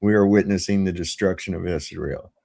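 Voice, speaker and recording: A man's voice: deep voice, steady tone, a little fast, creaky, a little mellow. A man hosting a casual panel discussion, talking loosely and profanely and reading out headlines. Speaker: host.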